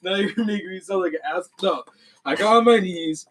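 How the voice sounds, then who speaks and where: A man's voice: sits high, a little fast, fairly bright tone. A man co-hosting a podcast in casual chat, cutting in defensively and swearing. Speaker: podcast co-host.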